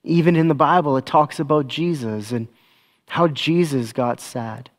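Gentle-voiced pastor speaking slowly. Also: male voice, on the high side. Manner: gentle, slow and soothing with children. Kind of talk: church service announcements and children's talk. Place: church.

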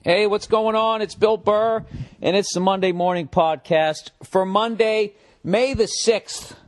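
A man's voice: high voice, steady tone, unhurried. Foul-mouthed man rambling on a podcast. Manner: profane, rambling and sarcastic. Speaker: podcast host. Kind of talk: casual solo podcast monologue.

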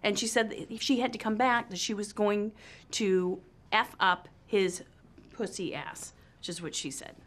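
An actress playing an indignant, combative mother who accuses and shouts in outrage. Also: steady tone, moderate pace, close to an everyday voice. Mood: aggrieved. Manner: indignant, accusing, shrill outbursts. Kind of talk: film comedy acting.

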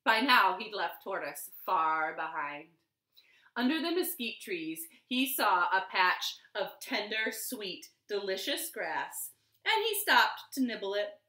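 A woman librarian giving an expressive storytime read-aloud from her living room. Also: mid-range voice, takes it slowly, roomy sound. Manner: expressive, lively storybook reading. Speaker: children's librarian.

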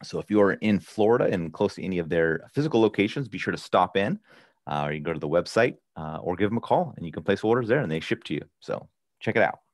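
Male host, very low voice, quick brisk delivery, dry studio sound. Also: lively intonation, no room sound. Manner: reads product details in a brisk list. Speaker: podcast host. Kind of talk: casual podcast chat.

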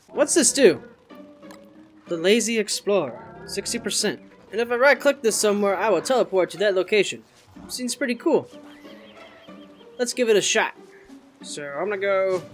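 A channel host giving casual gameplay commentary, excitable and jokey, swearing and talking to the game's creatures. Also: medium pitch.

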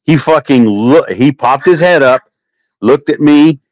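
A man's voice: a little slow, no room sound. A man hosting a casual livestream chat from home, telling crude stories full of swearing. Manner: crude, profane storytelling with lively swings in pitch. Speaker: livestream host.

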